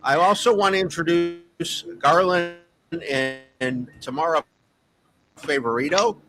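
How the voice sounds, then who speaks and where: A man's voice: a little high, unhurried, music in the background. A man hosting a telethon over a video call from a street where power lines are being worked on, informal and apologetic. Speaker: host. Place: outdoors on a noisy street with power line work. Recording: faint street noise behind.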